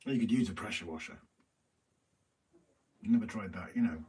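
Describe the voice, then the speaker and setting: A British co-host on a live stream talks fairly quickly in a fairly low, slightly mellow voice. He reads out viewer comments and trades teasing, casual banter. The audio sounds distant, with faint background noise.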